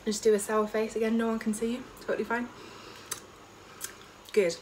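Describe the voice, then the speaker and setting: A woman choir leader, teaching an online vocal warm-up from home and demonstrating high sung notes. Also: little pitch movement, moderate pace, slight background noise. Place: home during lockdown.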